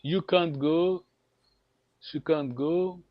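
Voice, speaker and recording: A man's voice: a little high, fairly even intonation, extremely slow, no room sound, lo-fi sound. A man teaching a language lesson online, encouraging his students, repeating words and laughing often.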